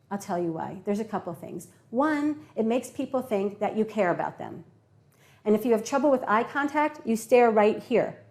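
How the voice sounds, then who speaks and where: A woman teaching an English class on public speaking, animated and acting out her examples. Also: mid-range voice. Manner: animated, demonstrates tones and acts out examples.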